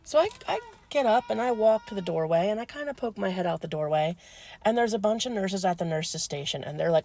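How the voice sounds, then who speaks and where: A woman telling a funny story in an animated, crude, playful way. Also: medium pitch, a little fast, vocal fry. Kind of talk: casual comedic storytelling.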